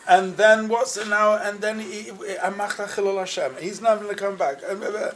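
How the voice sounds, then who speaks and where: Brief: animated rabbi telling a story, higher voice, some faint background noise. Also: male voice, normal speed. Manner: lively, bursts into loud chanting when quoting. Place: gathering room with a crowd around the table.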